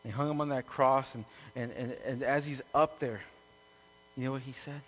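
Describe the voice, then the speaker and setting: A man preaching a sermon to a congregation, building from calm teaching to loud, impassioned peaks. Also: medium pitch, moderate pace. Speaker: pastor. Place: room with an audience.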